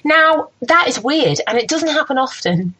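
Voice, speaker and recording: A woman, a presenter telling stories from her career in a casual interview, very expressive and laughing often. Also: sits high, a little slow, no room sound, low-quality recording. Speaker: radio and TV presenter.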